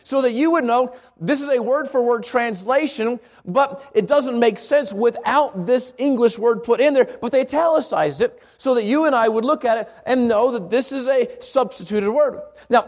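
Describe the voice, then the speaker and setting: A man with a noticeably high voice leads an informal Bible lesson in church. He talks conversationally, stumbles and restarts words, and keeps checking in with the room by asking "right?". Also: moderate pace, hardly any pauses. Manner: conversational, repeats himself and asks the room "right?". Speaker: preacher teaching a Bible class.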